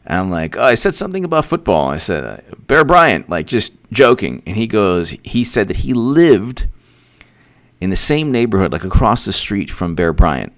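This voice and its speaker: Animated, rambling male political commentator. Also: fairly low pitch, moderate pace. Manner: rambling, repetitive, animated asides with laughs. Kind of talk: casual livestream commentary.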